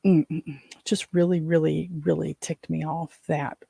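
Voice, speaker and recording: A woman's voice: sits low, level tone, normal speed, gravelly, dark tone, husky, no room sound, clean studio sound. A middle-aged woman from West Virginia hosting her own show, rambling through exasperated stories with lots of fillers. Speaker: podcast host. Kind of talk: casual chat.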